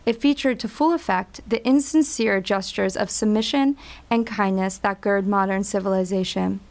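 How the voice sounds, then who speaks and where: A woman reading a scripted story in a measured, wry storytelling voice. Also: mid-range voice, darkish tone. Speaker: narrator.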